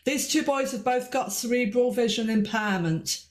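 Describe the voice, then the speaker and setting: A woman's voice: fairly high pitch, normal speed, roomy sound. A woman giving an informal presentation to parents, chatty with restarts and sing-song stresses.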